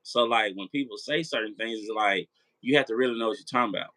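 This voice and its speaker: Bright-voiced rambling man. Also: fairly low pitch, fast, no echo, low-quality recording. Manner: rambling, repetitive, profane; talks straight to viewers. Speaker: live stream host. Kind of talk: casual late-night chat.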